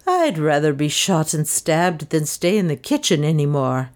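A timid housemaid who frets and pleads in a plaintive voice, sure the house is haunted. A woman narrator puts her on, and the voice sounds set back from the mic. She is lively in pitch. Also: normal speed. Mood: fretful pleading. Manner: pleading, fretful.

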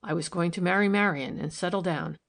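A man's voice: sits high, brisk, creaky, a bit bright. A woman reading the lines of a troubled young man who speaks soberly and wistfully in an audiobook.

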